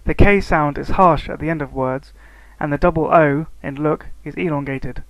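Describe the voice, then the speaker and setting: A man narrating a scripted lesson on language variation, reading steadily and slowing down to spell out example words. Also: on the high side, steady tone, fairly bright tone, no room sound, rough recording. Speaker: student narrator.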